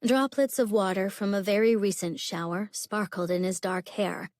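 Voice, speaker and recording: A woman narrating a contemporary romance audiobook in a steady, even storytelling voice. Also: medium pitch, moderate pace, no echo, clean studio sound. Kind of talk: scripted narration.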